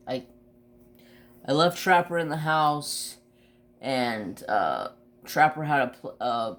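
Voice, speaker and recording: A man's voice: medium pitch, fairly bright tone. A man hosting a crafting channel, telling a long personal story in casual chat, swearing freely and restarting his sentences.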